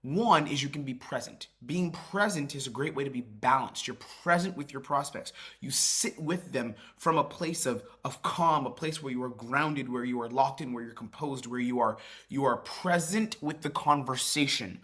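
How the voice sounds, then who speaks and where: Guy teaching sales tone, bright husky voice, loose and casual, acts out calls. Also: medium pitch, normal speed. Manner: demonstrates tones by acting out calls; casual, swears, many restarts. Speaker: sales coach. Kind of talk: sales training talk.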